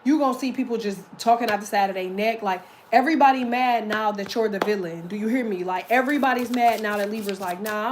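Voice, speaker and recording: A woman giving a casual tarot reading, blunt and profane, talking in emphatic, lively rants. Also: sits high, background noise. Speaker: tarot reader.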